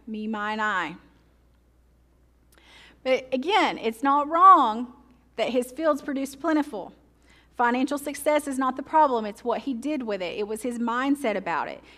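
A woman teaching pastor delivering a sermon, slowing down to read scripture aloud and adding joking asides and rhetorical questions. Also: on the high side. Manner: reads scripture slowly and deliberately.

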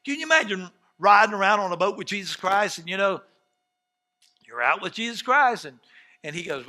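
A man preaching a sermon as pastor, swinging from soft asides to shouted outbursts and acting out quoted dialogue. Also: high-pitched, big pitch swings, a little fast. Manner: acts out quoted dialogue in scenes.

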